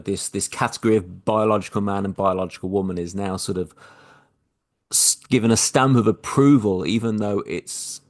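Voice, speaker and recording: A man talks in a very low, deep register. He is a minister recording a personal podcast reflection. His speech is heated but halting, and he keeps restarting his sentences. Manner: impassioned, halting, with many restarts.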